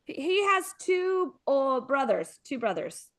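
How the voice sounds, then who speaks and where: A woman's voice: high-pitched, very animated, slow pace. A woman co-hosting a morning show, chatting casually in a bubbly, giggly way. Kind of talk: casual chat.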